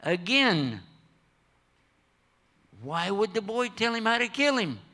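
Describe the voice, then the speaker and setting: A man's voice: high-pitched, slow. An older man giving a storytelling sermon at a mosque, joking with listeners and acting out the characters in the story. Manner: animated, jokey, acts out characters. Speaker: preacher. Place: mosque hall.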